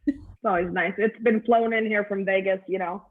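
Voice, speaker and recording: A woman's voice: mid-range voice, fairly even intonation, brisk. A middle-aged woman performs stand-up comedy over a video call, her delivery crude and offhand. Her voice sits in a middle register. The sound is tinny and narrow, like a phone line.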